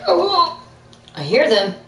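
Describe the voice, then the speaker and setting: A woman's voice: high voice, wildly swooping pitch, slow, a bit bright. A woman co-streaming a video game, chatting playfully and swearing freely. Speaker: co-streamer, voice actor. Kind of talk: casual gameplay commentary. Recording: roomy room with faint background noise.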